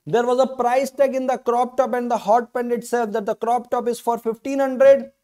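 A man's voice: extremely high pitch, steady tone, moderate pace, mellow. A man with an Indian English accent teaching a law lecture online, repeating key phrases with emphatic, rhetorical questions. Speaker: law tutor.

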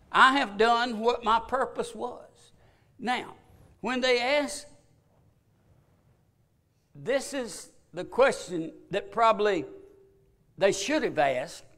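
An older man with a Southern American accent, preaching a sermon as pastor, with sudden loud rises and long pauses. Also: very high-pitched.

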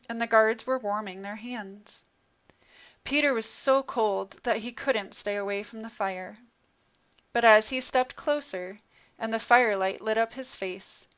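A woman narrating a story in an expressive, dramatic reading style. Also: mid-range voice, clean tone. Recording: dull lo-fi recording.

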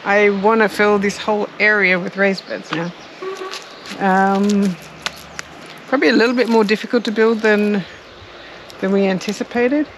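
A woman's voice: mid-range voice, fairly even intonation, moderate pace, pauses often, slight background noise, rough recording. Chatty Australian woman outdoors. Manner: chatty, laughing, searching for words. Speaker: co-host of a gardening channel. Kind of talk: casual chat. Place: outdoors in a garden.

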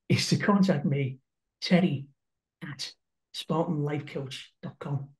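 A man with a Liverpool accent, a life coach speaking as a guest in a casual interview, gentle and patient, often restarting his sentences. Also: a little high, slow.

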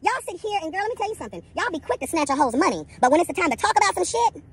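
A woman's voice: extremely high pitch, very animated, rapid-fire. A woman telling a story as a casual vlog rant, sassy and profane, dramatic, calling the listener "girl" again and again. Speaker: vlogger.

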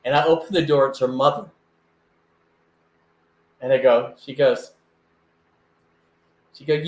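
An older man telling a lively anecdote in a casual chat, acting out other people's voices as he goes. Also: mid-range voice, unhurried, pauses often, roomy sound. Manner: animated, acts out voices in anecdotes. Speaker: guest.

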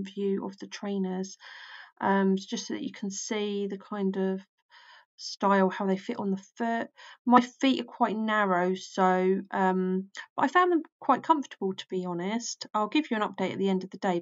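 A woman in her forties talks into her phone camera at home, chatty and easygoing. She shows off a pair of new trainers in a relaxed, friendly vlog. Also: medium pitch, muffled recording. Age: 40s. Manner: chatty and warm, fond baby-talk to her pet, drops to a whisper at times. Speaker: lifestyle vlogger. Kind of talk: casual vlog chat, reviewing gifted trainers. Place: at home, indoors.

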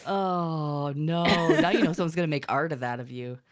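A woman's voice: low voice, moderate pace, noisy background. A woman guest on a casual chat stream, teasing and mischievous with a sultry manner. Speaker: guest co-host.

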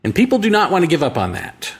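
A man's voice: high voice, huge pitch swings, breathy edge. Musing American man hosting a monologue. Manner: musing, rhetorical questions, slow deliberate phrasing. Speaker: podcast host. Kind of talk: reflective monologue on politics and spirituality.

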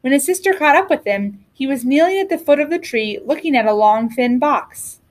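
Teacher reading a picture book aloud to children, clear and expressive, a bit high. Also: female voice, normal speed. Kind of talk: storybook reading.

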